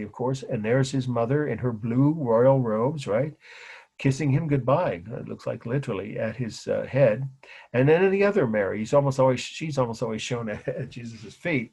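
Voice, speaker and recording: Husky-voiced man lecturing on art. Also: mid-range voice, darkish tone. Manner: spells out terms letter by letter, frequent restarts and asides. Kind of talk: classroom lecture.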